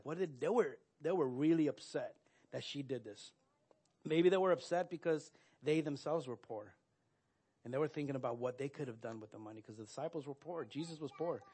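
A man delivering a sermon in an earnest, direct way. His voice sits at an ordinary middle pitch. He often stops to restart a phrase or fills a gap with a quick "uh". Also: a little mellow, husky. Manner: earnest, with frequent fillers and restarts. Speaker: pastor.

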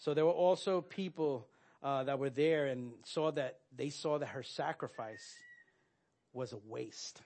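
Guy preaching a sermon, mid-pitched voice, earnest, lots of uhs and restarts. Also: a little slow, a little mellow. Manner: earnest, with frequent fillers and restarts. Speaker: pastor.

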